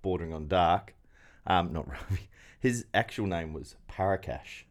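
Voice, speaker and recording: A man's voice: deep voice, expressive, moderate pace. A man co-hosting a podcast, teasing his friends in a joking, casual chat. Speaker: podcast co-host.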